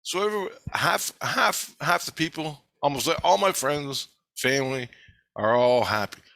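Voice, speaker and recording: A man's voice: a little high, expressive, moderate pace, creaky, sharp tone, no echo. A man telling a rambling spiritual story to camera, swearing heavily and agitated. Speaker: vlogger. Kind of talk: rambling monologue.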